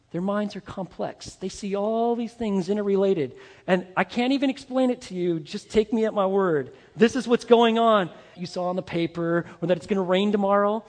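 A male pastor preaching a sermon, speaking emphatically and addressing the men in his congregation directly with rhetorical questions. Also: high-pitched. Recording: long hall reverb.

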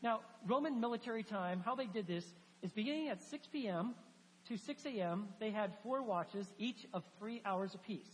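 A woman preaching a sermon, telling a Bible story with animated emphasis and reading scripture aloud. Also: mid-range voice, normal speed. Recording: hall reverb with faint hum.

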